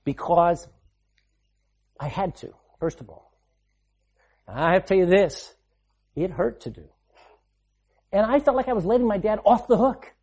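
A man preaching a sermon, repeating phrases for emphasis and swinging between loud and hushed delivery. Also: high voice, unhurried, long pauses, slightly rough.

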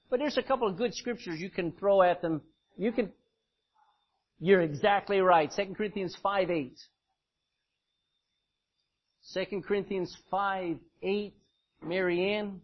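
Husky, animated male preacher. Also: high-pitched, measured pace, long pauses. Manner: emphatic, calls on congregants by name to read verses. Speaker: preacher teaching a Bible study. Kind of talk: interactive sermon. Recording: dull lo-fi recording.

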